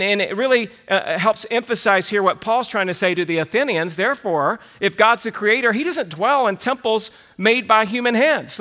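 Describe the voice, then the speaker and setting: A man's voice: high voice, bright, forceful tone. A man preaching a sermon, declaring his points with conviction and repeating key phrases for emphasis. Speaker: pastor.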